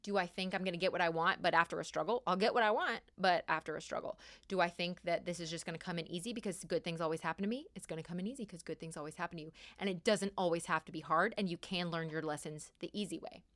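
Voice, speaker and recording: A young woman hosting a podcast, giving casual spiritual advice in an emphatic, animated way and repeating key words for stress. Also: fairly low pitch, fast talker, hardly any pauses. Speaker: podcast host.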